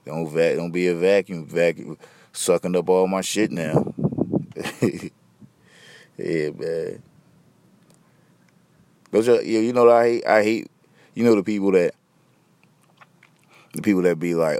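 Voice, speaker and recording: A man's voice: low voice, unhurried, long pauses, a little mellow, no echo. A young man hosting a podcast, rambling in loose, slangy, profane casual chat. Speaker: podcast host.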